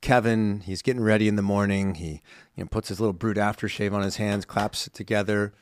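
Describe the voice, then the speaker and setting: A man's voice: lowish voice, fairly quick, smooth, no echo. Playful male podcast co-host, dry sound. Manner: playful, animated storyteller. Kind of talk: casual chat.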